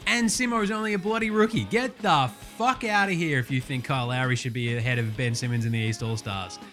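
A man's voice: mid-range voice, brisk, fairly bright tone, soft background music. An Australian man hosting a sports podcast, ranting casually with lots of swearing and heated outbursts. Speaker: podcast host.

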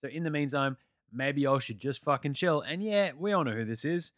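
Sweary Australian man with a bright voice. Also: a little high, fairly quick, dry recording, studio quality. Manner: profane, blunt and joking. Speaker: basketball podcast host. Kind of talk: casual sports recap.

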